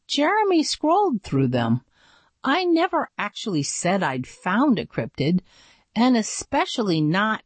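A woman reading a first-person adventure story aloud with dramatic, expressive narration. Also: mid-range voice, no echo. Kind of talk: audiobook narration.

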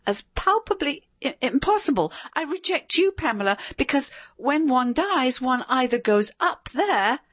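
Stunned man, quavering, halting protest, lively pitch; a woman voices him. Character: stunned dead husband, quavering.

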